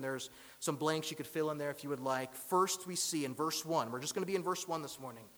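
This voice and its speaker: A man preaching a sermon in a church. He is emphatic, swinging between loud proclaiming and hushed passages. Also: fairly high pitch. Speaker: pastor. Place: church sanctuary. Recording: long church hall reverb.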